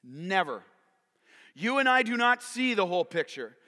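A man preaching a sermon as pastor, swinging from hushed whispers to loud shouts and acting out characters playfully. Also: high-pitched, sing-song, normal speed. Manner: dynamic preaching, dropping to whispers and rising to shouts; acts out characters in playful voices. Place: church sanctuary. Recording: long reverb of a large hall.

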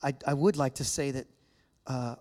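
A man's voice: medium pitch, steady tone, normal speed, a little mellow. A man from the United States giving a casual, joking talk to a church audience and chatting with people in the room. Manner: chatty, joking, interacts with the crowd. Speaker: guest speaker. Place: church hall with a live audience.

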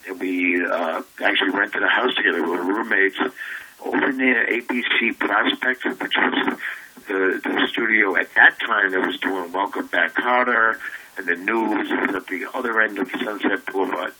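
A man in his seventies spins showbiz anecdotes with lively energy, slipping into voices as he goes. His voice sits low but rings sharp and bright. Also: normal speed, low-quality recording. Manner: animated storyteller who acts out voices. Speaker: comedy writer and warm-up comedian. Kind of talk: casual anecdote telling.

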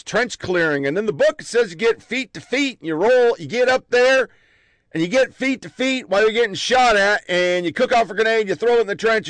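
A man telling army stories in a blunt, profane, animated way. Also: high voice, dry recording. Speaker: army veteran recounting stories. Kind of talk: profane casual storytelling.

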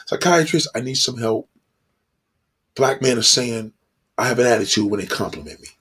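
A man's voice: medium pitch, lively intonation, moderate pace, fairly bright tone, slightly rough, voice pushed down. A man voicing a frustrated woman pleading for help.

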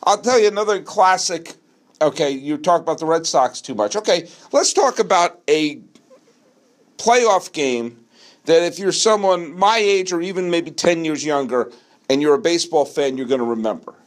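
A middle-aged man hosting a solo sports talk show, answering a listener question in an animated, argumentative way and slowing down to hammer his points. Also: fairly high pitch. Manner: animated, argumentative, slows down for emphasis. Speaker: podcast host.

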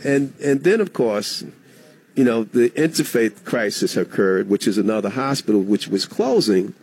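Middle-aged man telling a story, animated. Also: lowish voice, moderate pace, husky, no echo. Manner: animated storyteller, acts out quoted dialogue. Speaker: radio show guest, former state legislator. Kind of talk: storytelling in a radio interview.

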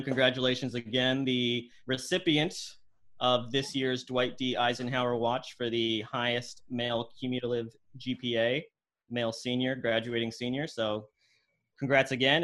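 A man's voice: medium pitch, little pitch movement, moderate pace, a bit bright. A man hosting a casual interview show, asking friendly, rambling questions. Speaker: show host.

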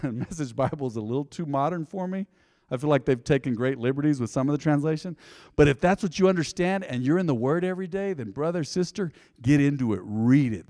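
A man's voice: a little high, darkish tone. A man teaching Scripture to his congregation in a church. He talks in an easy, conversational way and presses hard on his main points. His voice carries into a long, reverberant hall. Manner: conversational, emphatic preaching. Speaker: pastor. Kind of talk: teaching a Bible study.

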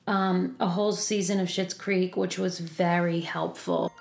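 Gravelly-voiced chatty woman. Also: fairly low pitch, little pitch movement, measured pace, hardly any pauses. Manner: chatty, self-deprecating, acts out both sides of conversations. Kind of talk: candid personal storytelling.

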